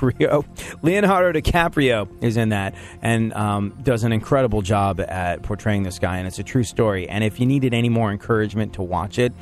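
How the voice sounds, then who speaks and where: A man hosting a radio show, rambling through jokes and laughing often. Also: on the low side. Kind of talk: casual banter on a radio show.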